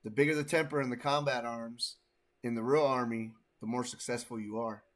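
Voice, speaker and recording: A man chatting casually on a podcast, loud and joking, swearing as he tells stories. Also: mid-range voice, fairly even intonation, fairly quick. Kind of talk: casual chat, storytelling.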